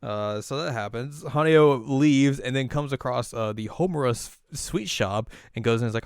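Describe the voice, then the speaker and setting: A man co-hosting a casual chat, retelling an anime episode in a rambling, animated way. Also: mid-range voice, normal speed, few pauses, clear, resonant tone, no room sound, studio quality. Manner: rambling, animated storytelling with laughs. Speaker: co-host.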